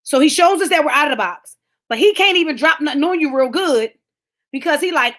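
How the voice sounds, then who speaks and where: This woman preaches fervently in a high, bright voice, animated and brisk, at a lunchtime empowerment talk styled like a sermon. She speaks colloquially, names listeners directly, and climbs to shouts.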